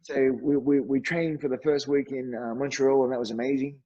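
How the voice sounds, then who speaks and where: A man's voice: medium pitch, brisk, slightly rough, highs cut off. A man with an Australian accent telling a casual anecdote as a podcast guest, acting out what others said. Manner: animated anecdote teller, acts out quotes. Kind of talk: casual storytelling.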